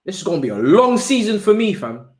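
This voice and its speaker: A man's voice: high voice, sing-song, fast, darkish tone. A man hosting a live football watch-along, ranting in exasperated slang. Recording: roomy echo.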